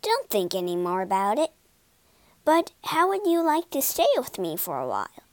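A woman voicing a bold, loyal male water rat in a storybook, talking briskly and eagerly. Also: mid-range voice, wildly swooping pitch, no echo. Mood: kindly. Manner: brisk and eager, shouts in anger.

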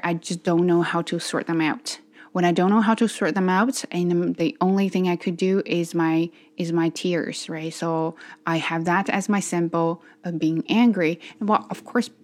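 A tired woman talking in a casual personal vlog, earnest and self-reflective, speaking in halting phrases as she practices her English. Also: on the low side. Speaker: channel host practicing English.

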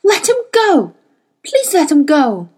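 A woman's voice: high-pitched, wildly swooping pitch, takes it slowly, darkish tone, voice pushed up, heavily acted. A woman voicing a desperate, tormented female witch who shrieks, pleads and sobs. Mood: pleading.

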